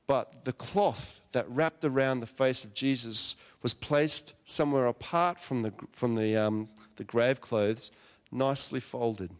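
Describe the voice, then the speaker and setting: A preacher with a medium-pitched voice, speaking a little slowly, gives a chatty, conversational sermon. He retells a story and asks his listeners questions, and the recording carries a long hall reverb.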